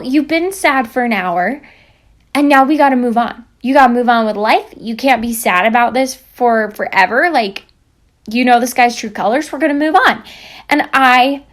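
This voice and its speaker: A young woman speaker sharing a personal story in a chatty, motivational way, acting out the people she quotes. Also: fairly high pitch.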